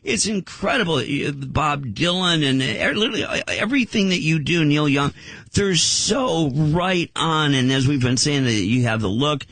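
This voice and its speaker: Husky enthusiastic radio co-host man. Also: a little high, expressive, moderate pace, a bit bright, no room sound. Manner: effusive praise, enthusiastic. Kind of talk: casual radio interview.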